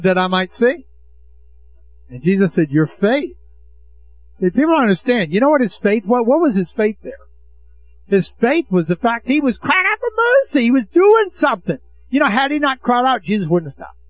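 A man preaching a sermon, emphatic and throwing rhetorical questions to the congregation. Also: high voice. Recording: dull lo-fi recording.

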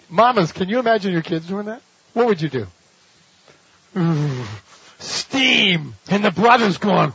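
A man's voice: high voice, big pitch swings, measured pace, pauses often, sharp tone, slightly rough, highs cut off. A man preaching a sermon, telling a story dramatically with laughs and rhetorical questions. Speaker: pastor.

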